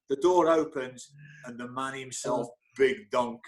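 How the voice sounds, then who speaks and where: A man's voice: medium pitch, measured pace, background noise. Middle-aged guy, club physio, chatty storyteller, stumbles and restarts a lot, laughs along, mid voice. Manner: animated, stumbling restarts, chuckles through his stories. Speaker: football club physio, interview guest. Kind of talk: casual anecdotal storytelling.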